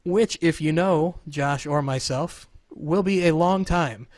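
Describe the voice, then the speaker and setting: Guy hosting a chat over video call, kinda high voice, dry sound, rambles and jokes. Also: takes it slowly, no echo. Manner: joking, rambling, self-deprecating. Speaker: podcast host.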